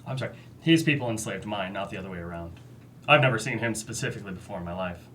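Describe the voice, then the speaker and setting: A man's voice: fairly low pitch, expressive, a bit bright, recorded from a distance, slight background noise. A man playing a tabletop game, answering bluntly in character. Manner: blunt, rapid-fire. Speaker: player.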